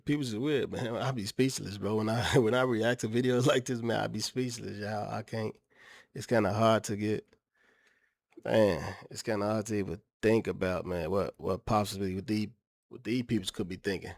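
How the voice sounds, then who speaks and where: A man's voice: fairly low pitch, steady tone, normal speed, vocal fry. A man hosting a reaction video, talking in a rambling, slangy, incredulous way. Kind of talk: casual reaction commentary.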